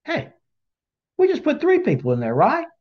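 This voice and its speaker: A man's voice: wildly swooping pitch, moderate pace, exaggerated voice. A man voicing an agitated ancient king in a raised, exclaiming voice, on dull lo-fi audio. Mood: astonished. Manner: high, exclaiming.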